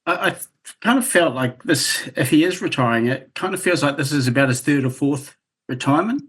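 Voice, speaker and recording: A man's voice: fairly high pitch, expressive, brisk, fairly bright tone, slightly rough. A man with a New Zealand accent, a guest on a podcast, talking things through in a thoughtful, wry, rambling way. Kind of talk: casual chat.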